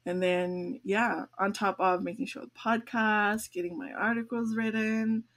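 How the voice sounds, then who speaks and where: A woman's voice: mid-range voice, little pitch movement, a little slow, fairly bright tone. An older woman hosting a podcast, talking in a chatty, rambling way with fillers and restarts. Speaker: podcast host. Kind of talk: casual chat.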